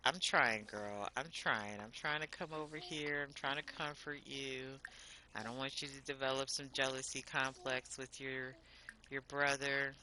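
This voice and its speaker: A woman's voice: a bass voice, steady tone, unhurried, bright, forceful tone, slight background noise, rough recording. A woman streaming herself playing a life-sim game, chatting casually and scolding the characters in an exasperated, chatty way. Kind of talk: casual gameplay commentary.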